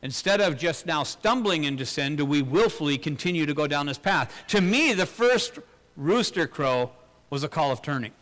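A man preaching a sermon in an earnest way, asking rhetorical questions, swelling louder and then dropping low. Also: animated, moderate pace. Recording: long hall reverb.

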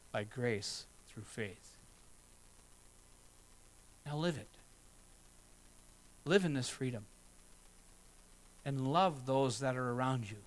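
A middle-aged man delivers a sermon from the pulpit. He is earnest but conversational, and he slips into short acted-out asides. His voice sits at an ordinary middle pitch. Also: low-quality recording. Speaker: pastor.

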